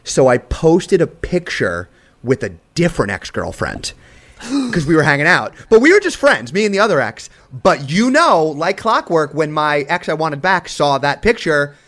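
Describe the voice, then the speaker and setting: A man's voice: a little high, big pitch swings, normal speed, a bit bright. A man co-hosting a podcast, telling stories with energy and teasing the others. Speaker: podcast co-host. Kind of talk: casual chat.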